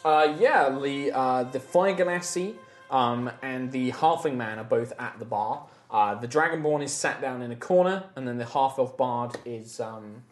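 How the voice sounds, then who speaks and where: A woman's voice: rumbling low, normal speed, faint music behind. A woman narrating as game master in a casual, hesitant way. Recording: echoey room.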